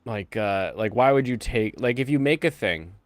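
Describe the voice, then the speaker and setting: Very deep-voiced man hosting a stream. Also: expressive, moderate pace, dry recording. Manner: hesitant, lots of fillers. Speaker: streamer host. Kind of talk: casual chat.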